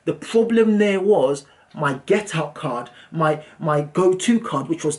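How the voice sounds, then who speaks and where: A man with a slightly high-pitched voice recounts a story to camera in a lively, casual way. He talks loosely and uses plenty of "um"s between thoughts. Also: measured pace, a little hiss or hum. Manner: animated, lively retelling with frequent "um"s. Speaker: property investor and landlord.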